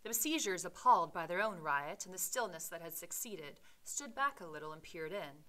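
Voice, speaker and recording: A woman's voice: lowish voice, lively intonation, a little fast, sharp tone, poor audio. A woman teacher reading a classic novel aloud and voicing its dialogue with dramatic emphasis. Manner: casual explanatory asides with fillers. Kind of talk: read-aloud with commentary.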